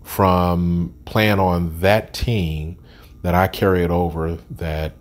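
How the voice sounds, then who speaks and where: A man's voice: low voice, level tone, slow pace. A man in his sixties telling his life story as an interview guest, candid and plain-spoken with frequent ums and restarts. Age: 60s.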